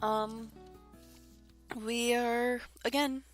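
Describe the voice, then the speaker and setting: A woman's voice: a little high, flat delivery, extremely slow, faint music behind. A congested woman hosting a gaming video, chatting casually and reading the game's text aloud in a rambling way. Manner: chatty and rambling, with small laughs.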